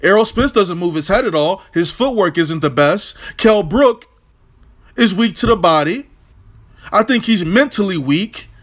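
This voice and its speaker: A man's voice: high voice, lively intonation, a little slow, a bit bright. A man hosting an opinionated, profane boxing vlog rant, brash and combative. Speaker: boxing commentator, channel host.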